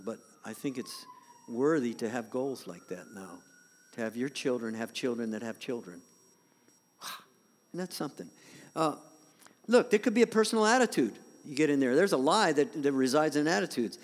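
An older man preaching a sermon as pastor of a church, swinging from loud emphatic points to soft whispered asides. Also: medium pitch, in a large hall.

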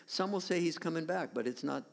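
Gravelly high-voiced preacher in a reverberant hall. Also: male voice, brisk. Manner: dramatic scripture reading, rising to near shouts; conversational asides to the congregation. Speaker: pastor. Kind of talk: sermon.

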